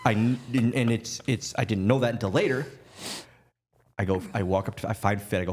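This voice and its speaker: Animated man telling stories with laughs. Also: on the low side, a little fast, a little hiss or hum. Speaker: podcast guest. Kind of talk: storytelling on a podcast.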